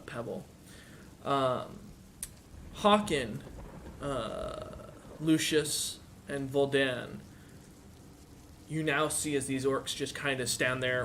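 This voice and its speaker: A man narrating as dungeon master in a halting way, with many fillers. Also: medium pitch, fairly bright tone, slight background noise. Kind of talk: narrating a tabletop game.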